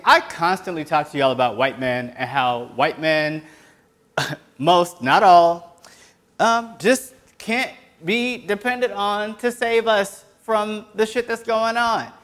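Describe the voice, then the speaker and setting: A man hosts his own web show, delivering sarcastic political commentary with passion and sometimes yelling. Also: sits high. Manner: impassioned, sarcastic, breaks into yelling. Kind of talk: solo political commentary rant.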